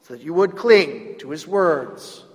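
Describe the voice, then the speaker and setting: A man with a Southern US accent preaching a sermon as pastor, swinging from loud emphatic declarations to hushed, near-whispered lines. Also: on the high side, animated, a little slow, long reverb tail.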